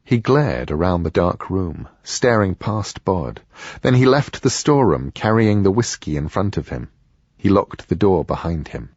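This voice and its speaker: A man narrating an audiobook in a measured storytelling manner. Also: low voice, animated, a little mellow, slightly rough, dry recording, dull audio.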